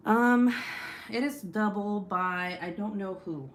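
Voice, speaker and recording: A young woman with a medium-pitched voice hosts a casual craft livestream, taking her time as she chats. She reads comments aloud in a rambling way and swears along the way.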